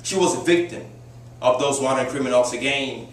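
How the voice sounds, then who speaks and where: A man's voice: mid-range voice, moderate pace, far from the mic. Young man giving an echoey classroom speech. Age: young adult. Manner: emphatic, rhetorical questions, frequent fillers. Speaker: student giving a persuasive speech. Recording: very echoey classroom recorded from afar.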